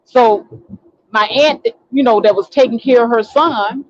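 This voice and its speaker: A woman's voice: a little high, a little slow, slight background noise. Indignant woman ranting in a lo-fi recording. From Chicago. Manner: indignant, ranting storyteller who acts out quotes. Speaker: online talk show host. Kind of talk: casual storytelling monologue.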